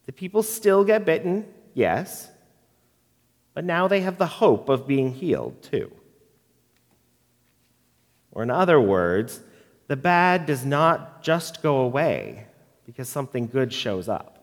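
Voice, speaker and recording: A man giving a sermon and reading a poem aloud, in a slow, reflective and expressive way, in a church. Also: medium pitch. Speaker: preacher. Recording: long reverb of a large hall.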